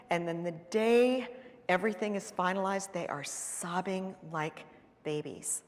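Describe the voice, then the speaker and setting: Woman therapist presenting a seminar, lower-pitched voice, earnest and conversational, long hall echo. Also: measured pace. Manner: earnest, emphatic, conversational with frequent fillers. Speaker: therapist giving a seminar talk.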